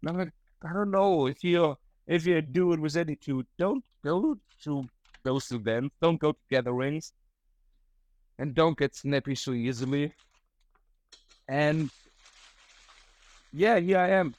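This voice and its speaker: A man's voice: a little high, measured pace, pauses often, dry recording. A young German man with a German accent, rambling through a casual solo podcast story, swearing and laughing often. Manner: rambling, profane, laughs often, acts out quotes. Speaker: podcast host.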